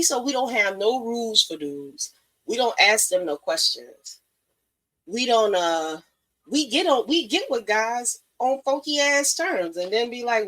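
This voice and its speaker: A woman's voice: a little high, a bit bright, poor audio. Blunt, profane woman giving advice. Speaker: podcast host. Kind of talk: casual live-stream monologue.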